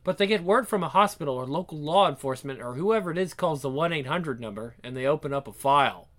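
A man's voice: on the high side, expressive, fast talker, a bit bright. A man voicing an earnest young superhero woman who explains herself at length.

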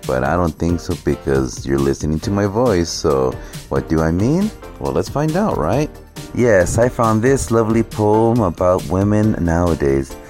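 A man's voice: low voice, sing-song, normal speed, darkish tone, faint music behind. A man vlogging a sarcastic, mocking rant, swearing heavily as he talks. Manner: mocking, sarcastic, heavy profanity.

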